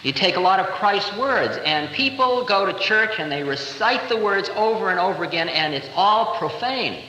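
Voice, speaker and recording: Animated man lecturing in an echoey hall. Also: high voice, normal speed, few pauses, slight background noise. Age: 30s. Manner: animated, playful, conversational. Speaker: spiritual teacher. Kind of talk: spiritual lecture. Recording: echoey 1970 live hall recording.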